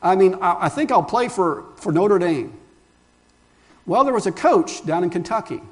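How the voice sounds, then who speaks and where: High-voiced man preaching a sermon. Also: lively intonation, normal speed. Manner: emphatic preaching with rhetorical questions; addresses listeners as friends. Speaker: pastor.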